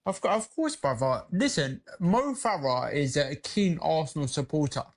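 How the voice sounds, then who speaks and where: A man's voice: fairly high pitch, moderate pace, a little hiss or hum. A man, a regular guest on a radio show, chatting casually with slang and frequent restarts. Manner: relaxed, street slang, many restarts. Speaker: radio guest, disability campaigner. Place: radio studio.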